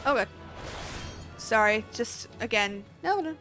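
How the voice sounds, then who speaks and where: High-voiced Australian woman streaming a game. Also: lively intonation, unhurried, faint music behind. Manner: chatty, swears freely, laughs often, yells at enemies. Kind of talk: casual live-stream chat while gaming.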